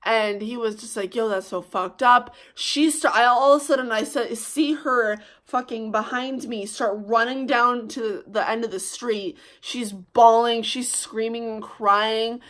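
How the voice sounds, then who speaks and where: Young woman, storytime vlogger; bright, fired-up delivery, cursing freely, quick bursts. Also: a little high, fairly even intonation. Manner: heated, swearing, fast bursts. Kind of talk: storytime vlog.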